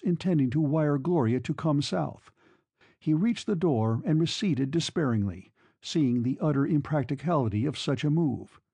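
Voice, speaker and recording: A man reads a classic novel aloud at a measured pace, shading the characters' lines lightly. His voice is mellow and slightly husky. The recording is dry and close. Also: medium pitch, dry recording. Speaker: audiobook reader. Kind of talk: scripted narration.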